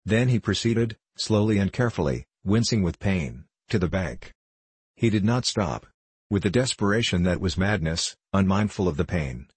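A man reads a story aloud in a measured, even way. His voice sits very low with a husky grain, and the sound is close and dry with no room around it. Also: no echo. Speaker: audiobook narrator. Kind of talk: scripted narration.

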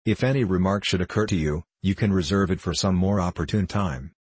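A man voicing a booming, arrogant older professor who lectures pompously in an audiobook reading. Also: brisk, a little mellow, slightly rough, no room sound. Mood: condescending.

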